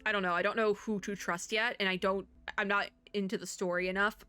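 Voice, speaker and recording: A woman's voice: mid-range voice, little pitch movement, fairly quick, pushed and bright, smooth. A young woman giving casual, rambling commentary while playing a game, laughing often and using lots of fillers. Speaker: streamer playing and reading a game story.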